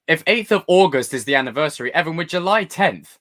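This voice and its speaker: A man hosts a casual live stream, reacting to chat with jokes and mock outrage. His pitch rises and falls widely as he talks. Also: brisk. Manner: animated, jokey, talks to chat.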